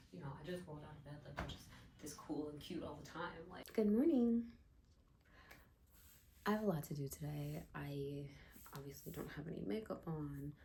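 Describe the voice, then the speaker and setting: Raspy, low-voiced chatty woman vlogger. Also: a little mellow, a little hiss or hum. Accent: New York. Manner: chatty, rambling, many "like"s. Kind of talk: casual chat. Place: home.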